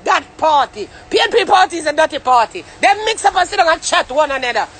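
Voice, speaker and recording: A young Jamaican man vlogging in patois, ranting loudly and cursing about the year, turning often to the listener. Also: very high voice, fast. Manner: loud, swearing, animated rant with frequent asides to the listener.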